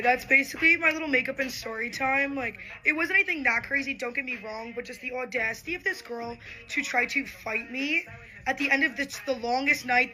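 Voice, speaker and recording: Young woman, high bright voice, exasperated storytime vlogger, light music bed. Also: low-quality recording. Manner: animated, exasperated retelling with acted quotes. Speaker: bartender telling a story. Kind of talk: get-ready-with-me storytime.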